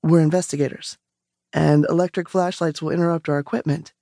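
A woman doing a calm, low-voiced young man. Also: a little fast, vocal fry, no echo, studio quality. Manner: soft, low, nearly whispering.

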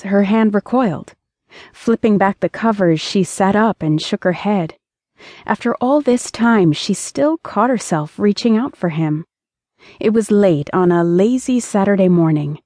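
Mellow woman narrating an audiobook. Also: mid-range voice, animated, measured pace, no room sound, clean studio sound.

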